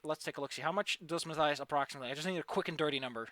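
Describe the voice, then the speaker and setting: A man's voice: on the high side, very fast, sharp tone, dry recording. A man running a tabletop game as game master, chatty and laughing often as he narrates.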